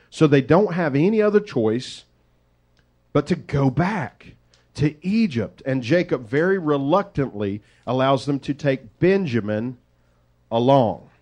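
Man, preacher, lively storytelling, folksy asides, slightly high voice. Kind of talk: sermon storytelling.

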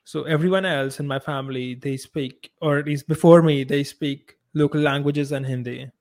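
A man's voice: on the high side, steady tone, normal speed, a little mellow. A man from India with an Indian English accent that leans toward American, talking in a casual podcast conversation and reasoning his points out step by step. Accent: Indian English, moving toward American. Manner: explanatory, reasoning things out step by step. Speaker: podcast co-host.

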